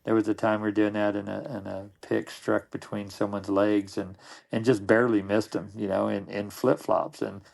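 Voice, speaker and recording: A middle-aged man with a low, gravelly voice talks as a guest on a podcast. He tells his stories casually and loosely, circling back and repeating words as he goes. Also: little pitch movement, moderate pace, a little mellow. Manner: rambling, with frequent restarts and repeated words. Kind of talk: casual anecdotal storytelling.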